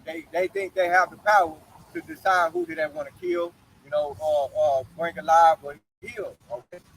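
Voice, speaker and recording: High-voiced man reading scripture aloud. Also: moderate pace, gravelly, fairly bright tone, slight background noise, low-quality recording. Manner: reads scripture aloud, punctuates with "okay?". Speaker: Bible study teacher.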